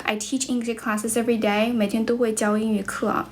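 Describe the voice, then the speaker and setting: A woman's voice: a little high, little pitch movement, slight background noise. Chinese-accented woman teacher on a livestream. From China. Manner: switches between English and Chinese, brisk and blunt with rude viewers. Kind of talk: casual livestream chat answering comments.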